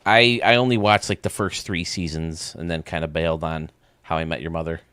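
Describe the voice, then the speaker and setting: A man's voice: deep voice, fairly even intonation, fairly quick, pushed and bright, clear, resonant tone, dry recording. A man hosting a live stream, chatting casually and ranting bluntly, often restarting his sentences.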